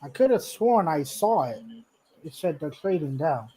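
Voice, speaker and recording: An easygoing man co-hosting a casual fan live stream. His voice sits high. He takes his slip-ups lightly and keeps the chat moving. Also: very animated, moderate pace, warm tone, poor audio.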